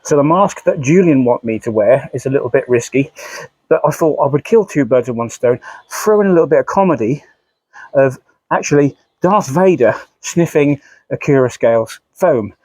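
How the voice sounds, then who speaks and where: A man's voice: medium pitch, expressive, moderate pace, a little mellow, husky, no room sound. Rambling, self-mocking man. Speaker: model railway YouTuber. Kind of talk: casual vlog chat.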